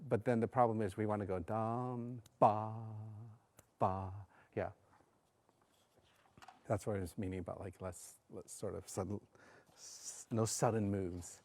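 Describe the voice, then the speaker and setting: A man coaching a bassoon section in rehearsal, singing phrases aloud between hesitant spoken notes. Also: steady tone, a little slow, pauses often, darkish tone.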